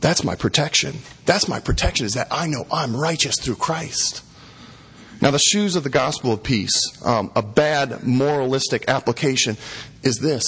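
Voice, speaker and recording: A man's voice: medium pitch, normal speed, a bit bright, breathy edge. A middle-aged man, a pastor, preaching a sermon, emphatic and repeating key phrases for stress.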